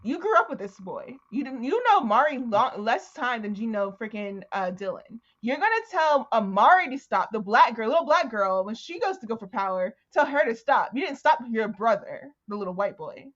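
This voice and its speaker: On a dull, lo-fi podcast recording, a co-host with a higher-pitched voice talks at a moderate pace with few pauses. She discusses a book casually, bringing scenes to life by performing the characters' voices.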